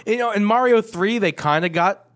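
A man co-hosting a podcast in casual chat, playful and teasing, quick to laugh. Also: high voice, a bit bright. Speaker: podcast co-host.

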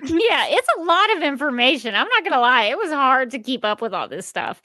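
Bright-voiced woman from the American South. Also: high-pitched, sing-song, no room sound. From southern United States. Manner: halting, with many "uh" fillers. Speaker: podcast co-host. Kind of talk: casual chat.

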